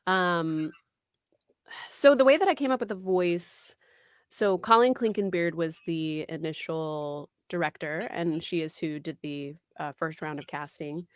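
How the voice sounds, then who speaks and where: A woman in her thirties, a voice actress giving an interview, talking in an animated, chatty way with many fillers. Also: low voice, unhurried, clean tone, no echo, studio quality. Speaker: voice actress guest. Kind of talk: casual interview chat.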